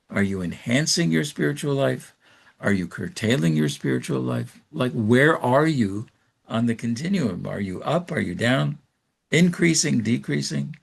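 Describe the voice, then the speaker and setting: Rabbi, male, gravelly mid-range voice, loose teaching talk full of ums and asides. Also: medium pitch. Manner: conversational storytelling with frequent fillers; reflective, rhetorical questions. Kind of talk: informal Torah class.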